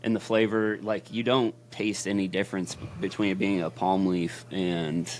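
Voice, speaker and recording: A man's voice: low-pitched, flat delivery, normal speed, slight background noise. A man co-hosting a casual podcast, explaining things in an easygoing, plain way. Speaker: podcast co-host. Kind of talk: casual chat.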